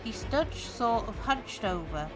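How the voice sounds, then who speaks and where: Casting: woman narrating horror stories, slow and lively, faint music behind. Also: a little high, poor audio. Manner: slow, expressive storytelling. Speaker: streamer reading horror stories. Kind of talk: horror story reading.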